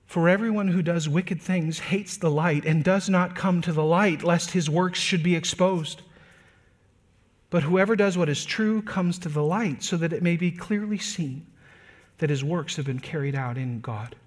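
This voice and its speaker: A man preaching a sermon to his church, earnest, slowing down and lifting his voice to stress key points, then dropping soft and quiet. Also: fairly high pitch. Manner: earnest preaching, slows and lifts voice for emphasis; drops to soft, quiet delivery on tender points. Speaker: pastor.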